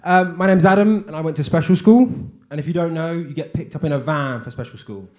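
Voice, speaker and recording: A man performing a stand-up comedy set on stage, telling stories flatly with sudden shouted lines. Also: on the high side, brisk. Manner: deadpan storytelling with sudden shouted punchlines.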